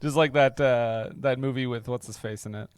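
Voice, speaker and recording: A man's voice: mid-range voice, steady tone, moderate pace, smooth. A man hosting a podcast, chatting casually and playfully, sometimes slipping into a mock-announcer voice. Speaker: podcast host. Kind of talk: casual chat.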